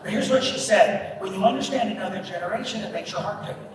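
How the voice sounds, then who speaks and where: High-voiced storytelling man in an echoey hall. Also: fast. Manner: storytelling, acts out quoted voices. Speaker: keynote speaker. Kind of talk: humorous conference talk with stories. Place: large event hall at a business breakfast. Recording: echoey hall from far off, with noise.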